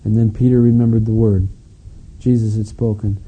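A middle-aged male pastor from delivers a sermon. His voice is very dark, mellow and somewhat husky. He moves between reading scripture and explaining it in a relaxed, storytelling way. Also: fairly low pitch, moderate pace, low-quality recording. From Wisconsin, United States. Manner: storytelling preacher, reads scripture then explains it conversationally.

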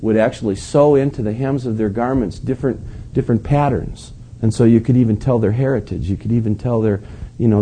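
A man's voice: mid-range voice, warm tone, breathy edge. A male pastor preaching a sermon in a storytelling way, acting out the quotes and chuckling often.

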